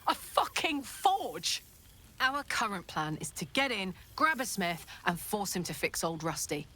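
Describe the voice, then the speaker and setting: An actress voicing a boisterous, swearing, affectionate tiefling warrior woman in a video game, loud and blunt, laughing easily. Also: medium pitch, big pitch swings, a little slow, slight background noise. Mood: fond, excited.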